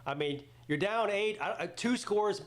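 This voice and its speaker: A slightly slow, slightly high-voiced man reacts live to a football game, wandering in his commentary, getting excited at each play and swearing casually. The echoey, roomy sound of his home setup comes through on the mic.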